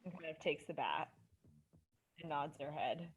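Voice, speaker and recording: Lively woman player, lower-pitched and animated. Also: a little slow, music in the background. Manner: lively, giggly, narrates her character in third person. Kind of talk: tabletop game play.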